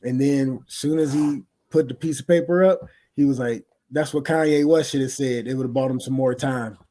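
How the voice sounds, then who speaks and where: A man's voice: medium pitch, moderate pace, warm tone. A man co-hosting a podcast who tells a story in a laid-back, casual way. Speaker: podcast co-host.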